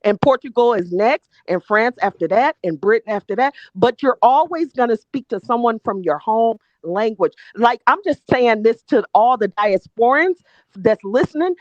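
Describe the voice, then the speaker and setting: A woman's voice: a little high, lively intonation, moderate pace, darkish tone, no echo. A woman joining a casual commentary chat as a guest, talking emphatically in slang and cutting in often. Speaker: guest co-host. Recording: dull lo-fi dry sound.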